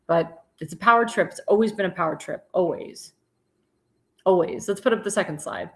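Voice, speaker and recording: A woman hosts a political talk show, delivering a commentary monologue emphatically but sounding tired, with many restarts and repeated words. Her mid-range voice is quick, gravelly, and a bit bright.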